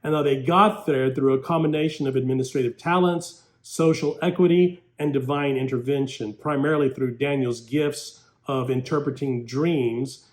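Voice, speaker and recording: A man's voice: mid-range voice, steady tone, normal speed, few pauses. A man preaching a sermon in an emphatic, rhetorical way, raising his voice for mocking quotes.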